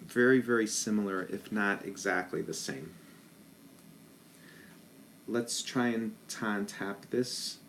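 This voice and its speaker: Slow, low-voiced male band teacher. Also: a little hiss or hum. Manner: patient, counts rhythms aloud in ta syllables. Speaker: band director. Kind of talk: rhythm lesson with counting aloud.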